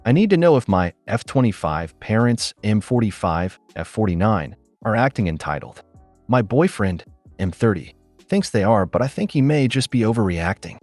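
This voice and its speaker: A man with a lowish voice reads online posts aloud as scripted narration, his pitch rising and falling with lively movement. The voice is close and dry, with faint background music underneath. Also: no echo. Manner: lively storytelling reading.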